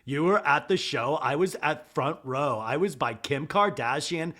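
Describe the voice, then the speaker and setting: A man's voice: on the high side, expressive, measured pace, sharp tone, full character voice. A man doing an impression of a defiant, dismissive reality-star woman, with clipped, emphatic comebacks.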